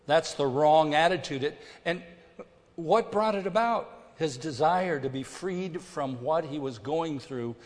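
A male pastor delivers a sermon at an unhurried, measured pace. His preaching is emphatic and deliberate, moving between hushed and forceful passages. The voice carries a long, lingering reverb from a large church sanctuary. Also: a little high. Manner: emphatic, deliberate preaching with dramatic swings in volume.

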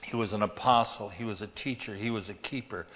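Male pastor preaching, goes from loud punchy lines to quiet asides, long echo in the hall. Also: lowish voice, fairly quick. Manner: dramatic swings between loud emphasis and quiet asides. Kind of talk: sermon.

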